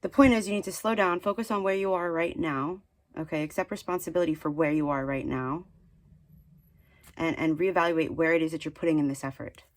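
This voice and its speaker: A woman's voice: deep voice, fairly even intonation, fairly quick. Chatty woman giving a rambling tarot reading. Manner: chatty, rambling, many "like" fillers and restarts; earnest, mildly scolding encouragement. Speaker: tarot card reader. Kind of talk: casual spiritual tarot reading.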